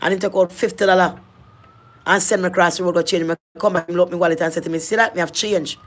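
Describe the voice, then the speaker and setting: A woman's voice: fairly low pitch, flat delivery, quick pace. A middle-aged woman with a Jamaican accent, telling her own life story in earnest patois, often repeating and restarting her phrases. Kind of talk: personal storytelling.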